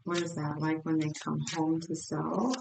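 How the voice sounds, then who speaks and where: A woman's voice: sits low, level tone, moderate pace, creaky, darkish tone. Blunt chatty woman reading tarot, roomy sound. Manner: blunt, chatty, repeats herself. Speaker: tarot reader. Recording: roomy echo, distant mic, faint noise.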